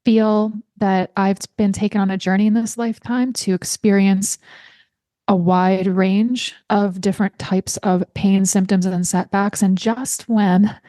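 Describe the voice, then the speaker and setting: A woman hosting her own health podcast, speaking in an earnest, heartfelt way and guiding listeners through slow breathing. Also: mid-range voice, level tone, mellow, dry recording, clean studio sound. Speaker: podcast host. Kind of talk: podcast monologue.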